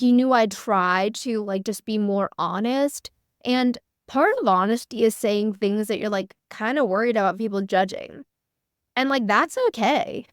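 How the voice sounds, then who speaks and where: A young woman hosts an online workshop for creators, talking casually in a candid, chatty way with lots of "like" fillers. Her voice is medium in pitch. The audio is studio quality with no room sound.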